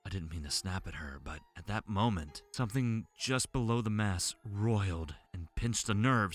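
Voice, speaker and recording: Low-voiced man narrating horror. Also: lively intonation, normal speed, hardly any pauses, fairly bright tone, dry recording, faint music behind. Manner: tense, dramatic storytelling.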